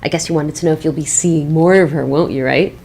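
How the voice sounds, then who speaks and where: A woman's voice: low-pitched, steady tone, fast, creaky, a little mellow, slightly rough, exaggerated voice. An actress playing a young catty woman who sabotages her former employee with gushing, backhanded praise over the phone. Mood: mock-sweet. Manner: sweetly sarcastic, gushing, backhanded. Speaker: former boss giving a job reference by phone. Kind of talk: scripted comedy monologue.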